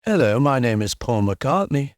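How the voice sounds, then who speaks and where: A man's voice: medium pitch, sing-song, normal speed, no room sound, clean studio sound, natural voice. A man putting on a clumsy mock Liverpool accent as a chummy musician character. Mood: goofy. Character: jokey middle-aged Liverpool musician, chummy.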